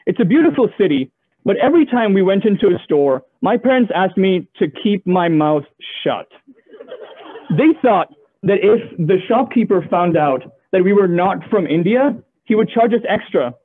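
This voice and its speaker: Over a tinny, phone-like video call line, a young man from the Gulf region delivers a stand-up comedy set. His voice is high-pitched with a breathy edge and a moderate pace. He tells stories with animation and tosses in playful asides.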